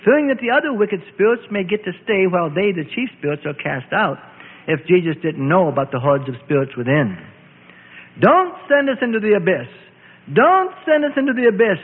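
A man's voice: fairly high pitch, breathy edge. A man narrating a Bible story in a dramatic, vivid storytelling style, heard through a tinny radio broadcast. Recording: tinny phone-like radio with long reverb.

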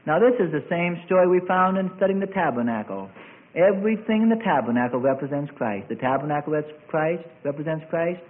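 A man preaching a sermon, stretching quoted words and rising to shouts as he tells the story. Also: fairly high pitch, animated, brisk. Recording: tinny phone-like recording.

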